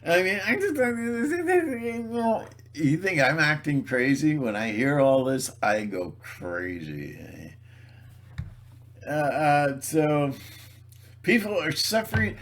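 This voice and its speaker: In a rambling solo video monologue, this man mocks and jokes sarcastically, laughing at himself as he trips over repeated words and restarts. His voice is fairly high and a bit bright, with big swings in pitch; he's a video blogger.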